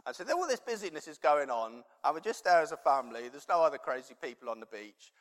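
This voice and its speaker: A man with a high voice preaches conversationally, wandering through a personal story with plenty of ums and restarts. His voice rings out with a long reverb, as if he were in a large hall. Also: big pitch swings, fast talker. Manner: rambling, conversational, many fillers.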